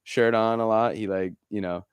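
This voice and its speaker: A man's voice: lowish voice, fairly even intonation, moderate pace, clean tone, dry recording. A man co-hosting a podcast, chatting casually, rambling through stories with many fillers and restarts. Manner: mimics people in quoted asides. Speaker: podcast co-host. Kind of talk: casual chat.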